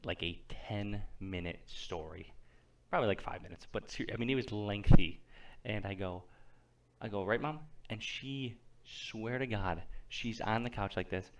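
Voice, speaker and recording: A young man co-hosting a podcast in casual chat, telling rambling stories and acting out what people said. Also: low voice. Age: young adult. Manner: rambling storyteller, animated retellings. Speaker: podcast co-host.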